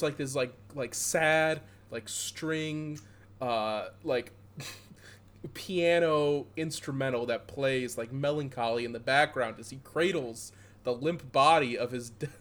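A man on a casual podcast, retelling a film with lots of fillers and laughter, sometimes shouting with excitement. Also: medium pitch, a little slow. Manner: animated, laughing storyteller, many fillers. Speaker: podcast co-host.

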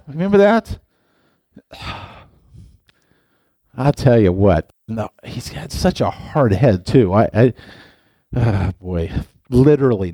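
A man's voice: medium pitch, warm tone, no room sound, clean studio sound. A middle-aged man, a pastor, giving a playful, chatty sermon and talking directly to his listeners. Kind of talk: casual sermon.

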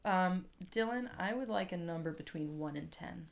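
A woman's voice: lowish voice, expressive, normal speed, gravelly. A woman co-hosting an improv comedy podcast, in casual, playful banter. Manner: playful, wry. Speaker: podcast co-host.

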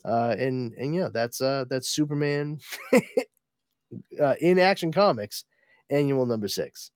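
A man's voice: mid-range voice, takes it slowly, no room sound. A man hosting a casual comics podcast, rambling through a story recap with plenty of fillers and swearing. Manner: rambling, profane, many fillers. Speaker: podcast host reviewing comics.

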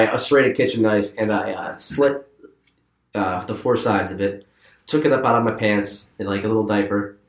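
A man's voice: on the low side, a bit bright, reverberant, slight background noise. Rambling man telling a story. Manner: rambling, repeats words, laughs through the story. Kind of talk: casual storytelling chat.

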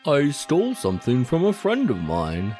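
A woman's voice: a bass voice, huge pitch swings, mellow, faint music behind, pitched below the performer's own voice, exaggerated voice. A woman putting on a forlorn, wailing scarecrow man. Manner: mournful, drawn-out wailing. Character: forlorn remorseful male scarecrow thief.

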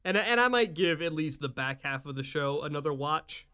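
A man's voice: a little high, animated, normal speed, pushed and bright, clear, resonant tone. A man co-hosting a podcast, chatting casually and easygoing, laughing along and wrapping up the show. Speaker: podcast co-host. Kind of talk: casual chat and podcast sign-off.

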